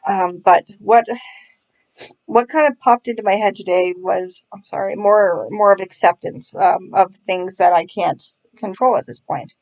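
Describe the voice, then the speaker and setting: A woman's voice: mid-range voice, steady tone, unhurried, a little mellow. A woman vlogger in casual chat, sarcastic and self-mocking, laughing often as she talks.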